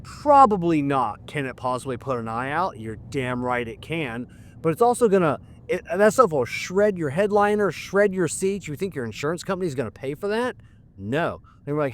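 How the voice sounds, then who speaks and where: A man's voice: a little high, very animated, moderate pace. A middle-aged man who works as a mechanic, hosting a podcast in a casual monologue and ranting bluntly with lots of swearing.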